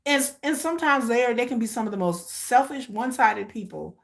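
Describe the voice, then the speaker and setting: A woman's voice: a little high, animated, a little fast, creaky. A middle-aged woman casually telling a personal story, blunt and emotional, swearing freely and acting out what others said. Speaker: live watch-along streamer.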